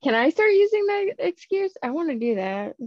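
A woman's voice: very high voice, big pitch swings, moderate pace, darkish tone, dry recording. Easygoing, apologetic woman podcast co-host. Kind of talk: casual chat. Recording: dry, muffled lo-fi audio.

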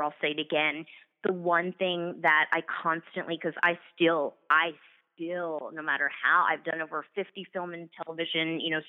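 A woman in her forties talks in a gushing, rambling stream, full of "like" and "you know." Her voice sits a little low. She comes through a tinny, phone-like line from a home office. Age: 40s. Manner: effusive, rambling, many fillers. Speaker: acting coach and actress guest. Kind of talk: casual interview chat. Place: remote call from home office.

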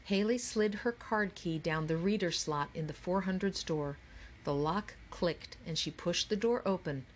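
A woman reads an audiobook in a fairly low voice. Her narration is clear and steady. She keeps an even storytelling pace. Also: unhurried, slight background noise. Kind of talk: scripted narration.

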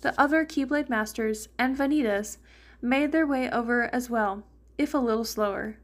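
A woman's voice: fairly high pitch, normal speed. A woman reading fan fiction aloud in a casual way, with a few small slips.

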